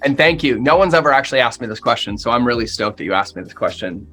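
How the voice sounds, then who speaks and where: Male podcast guest, mid-pitched, emphatic motivational speaker, faint music bed. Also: animated, quick pace, sharp tone. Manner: emphatic, punchy, repeats phrases for effect. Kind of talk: motivational interview talk.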